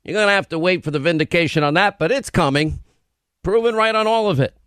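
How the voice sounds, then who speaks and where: A man's voice: high voice, fast, fairly bright tone, clear, resonant tone, dry recording, studio quality. A male talk show host in an opinionated radio monologue, combative and sarcastic, rattling off lists of grievances.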